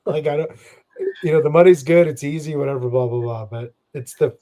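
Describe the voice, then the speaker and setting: A man's voice: on the high side, a little fast, mellow. A man in his forties chatting casually and easily, with many fillers. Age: 40s. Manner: easygoing, filler-heavy talk. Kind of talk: casual chat.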